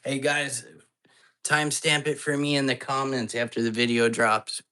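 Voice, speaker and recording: A man's voice: medium pitch, flat delivery, moderate pace, sharp tone, smooth. A man hosting a live ghost-hunting stream from an apartment at night, chatting casually and jumpily straight to his viewers. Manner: chatty, jumpy, talks straight to his chat.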